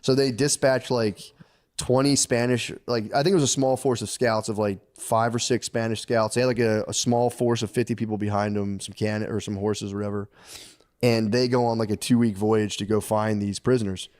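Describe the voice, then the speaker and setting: This podcast co-host speaks fairly fast in a low, level, darkish voice. He rambles through a history tale with plenty of swearing and jokes, voicing the characters himself and laughing along the way.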